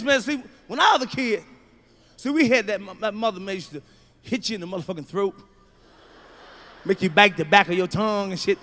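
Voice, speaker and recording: A man performs stand-up comedy with a strikingly high, bright voice. He tells profane stories in an animated way, breaking into acted-out shouts. The delivery is loud and forceful.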